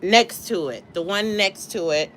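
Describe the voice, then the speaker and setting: An unhurried woman talks to her livestream viewers from home. She sounds chatty and incredulous. Faint household sounds can be heard behind her. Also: medium pitch, a bit bright, a little hiss or hum, poor audio. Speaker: livestream host. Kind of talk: casual livestream chat. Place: home with dogs nearby.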